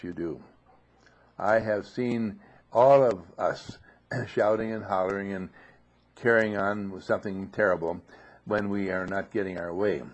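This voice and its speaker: A man giving an informal spoken teaching in a monastery dining room, often clearing his throat and asking rhetorical questions. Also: on the low side. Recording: dull lo-fi recording.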